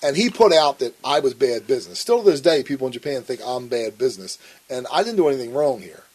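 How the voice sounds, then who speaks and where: A man's voice: mid-range voice, sing-song, quick pace, darkish tone, slight background noise, low-quality recording. A man telling a story in a blunt interview, swearing often and acting out the arguments he recounts. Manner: blunt and profane, acts out quoted arguments. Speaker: interview guest.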